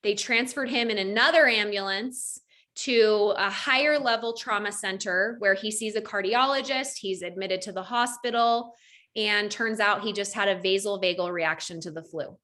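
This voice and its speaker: A woman's voice: medium pitch, moderate pace, pushed and bright. A woman coach telling a personal story to a group over a video call, acting out quoted lines with lots of animation. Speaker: network marketing coach.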